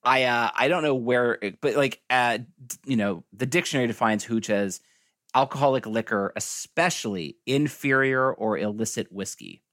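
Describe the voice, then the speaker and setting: A man's voice: medium pitch, normal speed, no echo, clean studio sound. Rambling man chatting about a movie. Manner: rambling, animated, many fillers. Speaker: podcast co-host. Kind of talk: casual movie review chat.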